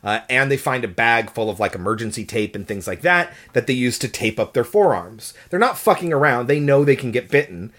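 A podcast co-host talking in a measured, explanatory way during a casual film discussion. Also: medium pitch, expressive, fairly bright tone.

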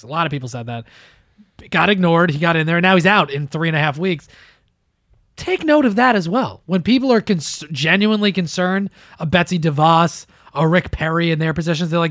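A man co-hosting a podcast, giving casual political commentary in an animated, profane way and acting out quotes in mocking voices. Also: fairly high pitch, brisk, no echo, studio quality. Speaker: podcast co-host.

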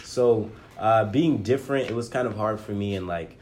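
A man's voice: fairly low pitch, moderate pace, background noise. A young man from Nigeria, a podcast guest, earnestly telling his story in casual chat.

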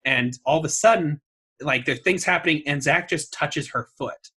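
A man with a bright, forward voice and a husky edge, pitched a touch high for a man. He tells a story as a podcast co-host, wry and loose, swearing freely and laughing at his own cynicism. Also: normal speed. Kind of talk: casual storytelling chat.

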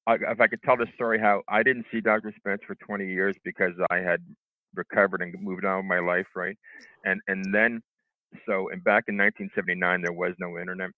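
Deep-voiced middle-aged man on a phone line. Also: flat delivery, dry recording. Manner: halting, with many restarts and fillers. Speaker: stroke survivor interviewee. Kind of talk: telling his own recovery story. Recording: tinny phone line, dry.

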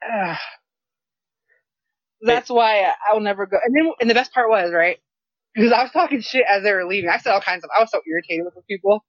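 Woman co-host, casual storyteller, expressive and profane, dry lo-fi sound. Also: mid-range voice, fast, dry recording. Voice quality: animated, profane, exasperated. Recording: dry, slightly dull lo-fi sound.

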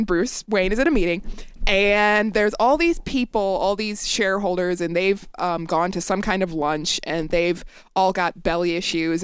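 A woman's voice: mid-range voice, smooth, dry recording, clean studio sound. A woman co-hosting a comedy podcast, summarizing a story and teasing her co-host's reading. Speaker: podcast co-host. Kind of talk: casual comedic chat.

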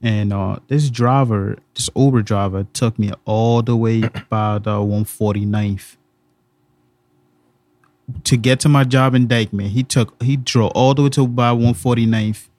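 A male podcast co-host with a New York accent, talking casually in a halting way with many fillers. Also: on the low side, fairly even intonation, darkish tone, no room sound. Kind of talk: casual chat.

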